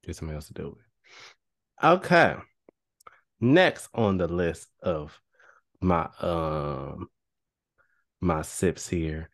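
Lively low-voiced man co-host. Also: takes it slowly, long pauses, no room sound. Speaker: podcast co-host. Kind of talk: casual chat. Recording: dry close sound.

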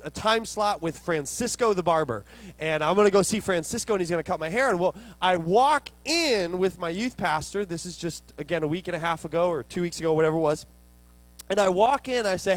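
A man's voice: sits high, brisk, dry recording. A young man, preaching a storytelling sermon and acting out the dialogue with lots of restarts. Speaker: pastor.

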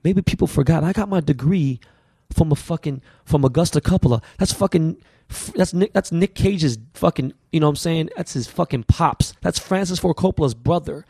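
A man from the US West Coast, a podcast guest, telling stories in an animated, profane, slang-heavy way. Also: a little high, normal speed, creaky, breathy edge, dry recording, studio quality. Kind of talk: casual storytelling interview.

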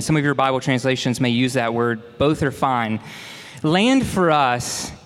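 Folksy pastor in a reverberant hall. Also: male voice, a little high. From Mississippi, US. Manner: conversational, folksy preaching with asides to the congregation. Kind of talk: sermon.

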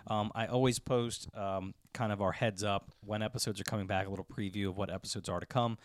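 Easygoing low-voiced male podcast co-host. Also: fairly even intonation, fast talker, dry recording. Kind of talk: casual podcast chat.

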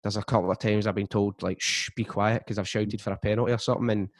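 A man chatting casually on a podcast, telling stories in a steady way with frequent restarts. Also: fairly low pitch, rapid-fire, no echo, clean studio sound. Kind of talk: casual chat.

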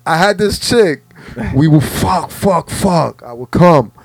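A man from the Dominican Republic, co-hosting a podcast and telling crude stories in excitable, laughing banter. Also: fairly high pitch, takes it slowly, creaky, husky, no room sound. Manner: excitable storyteller, loud laughing outbursts. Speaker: podcast co-host. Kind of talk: raunchy casual banter.

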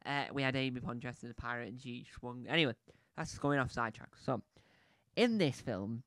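A man talks through a film review in a loose, rambling way, full of restarts and side tracks. His voice is smooth and resonant at a middle pitch. The sound is close and dry. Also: fairly quick, fairly bright tone, no room sound. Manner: rambling, chatty, with many restarts and asides.

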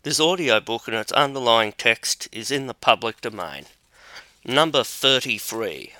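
A man reading a fairy tale aloud as an audiobook narrator, measured and deliberate, on a close mic. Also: mid-range voice, expressive, bright, forceful tone, no echo. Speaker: audiobook reader. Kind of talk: scripted storybook narration.

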